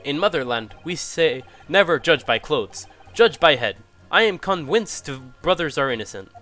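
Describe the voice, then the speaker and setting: A man's voice: mid-range voice, big pitch swings, fast talker, a bit bright, faint music behind. A man voicing a blunt male juror with a put-on Russian accent and broken speech. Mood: solemn.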